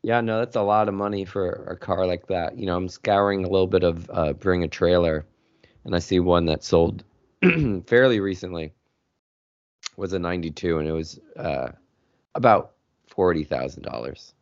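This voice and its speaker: Groggy, very deep-voiced male podcast co-host, laid-back chat, muffled audio. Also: normal speed, no room sound. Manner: laid-back, lots of "you know". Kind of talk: casual chat.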